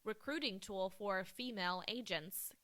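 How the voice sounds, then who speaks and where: A woman's voice: medium pitch, measured pace, bright, forceful tone. A woman co-hosting a casual movie podcast, gushing with enthusiasm and peppering her talk with "like" and "um.". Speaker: podcast co-host.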